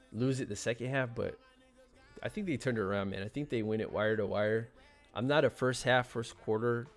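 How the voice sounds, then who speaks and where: A man hosting a sports betting stream in loose, casual chat. His voice has a gravelly, creaky edge at a middling pitch. He stammers and repeats words often as he works through his picks.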